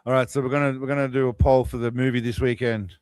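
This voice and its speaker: A man's voice: medium pitch, flat delivery, fast, darkish tone, slight background noise. A man hosting a live stream, chatting loosely and rambling to his viewers. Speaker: streamer host. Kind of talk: casual live-stream chat.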